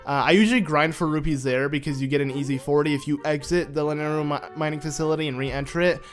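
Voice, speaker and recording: A man's voice: a little high, steady tone, quick pace, faint music behind. Chatty man narrating his gameplay. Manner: chatty, rambling, self-mocking sarcasm. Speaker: gaming channel host. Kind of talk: casual let's-play commentary.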